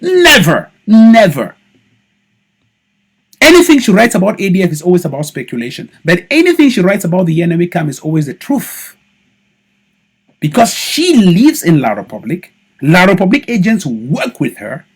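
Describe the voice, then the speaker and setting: A man's voice: high voice, husky. A man with a Cameroonian English accent mixed with Pidgin, giving a heated, accusatory political monologue and repeating lines for stress. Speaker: political activist. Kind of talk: impassioned video monologue.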